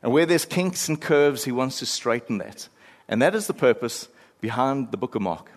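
A man's voice: mid-range voice, moderate pace. A male preacher delivering a sermon in a large church hall. He tells stories with energy and acts out the people he quotes. His mid-range voice rings with a long hall echo. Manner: animated storyteller, acts out quoted voices with laughs.

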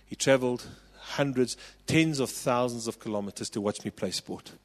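A South African man in his forties preaching a sermon, telling a personal story with passion and rising to loud calls. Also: medium pitch, moderate pace, long reverb tail. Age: 40s. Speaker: pastor.

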